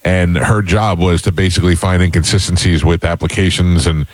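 Low-voiced guy hosting talk radio, joking around, dry close mic. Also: fairly even intonation, brisk, no room sound. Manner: joking, self-mocking about dad jokes. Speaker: radio talk show host. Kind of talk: casual radio banter.

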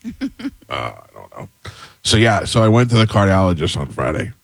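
A middle-aged man hosting a radio show, telling a story in a relaxed, deadpan way and acting out both sides of his phone calls. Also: deep voice, normal speed, dry recording. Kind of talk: casual on-air chat and storytelling.

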